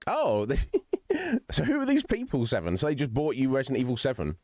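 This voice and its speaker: Hosting his own livestream while he games, a man chats with viewers by name, rambling philosophically and swearing freely. His medium-pitched voice swoops wildly and moves a little fast with a darkish tone, recorded dry at studio quality over soft background music.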